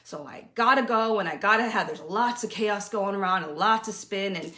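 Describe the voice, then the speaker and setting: A woman's voice: mid-range voice, normal speed, bright, forceful tone. A middle-aged woman from Canada, hosting her own talk and candidly telling a personal story in a casual, storytelling way. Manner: candid, storytelling, acts out quoted voices. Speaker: host.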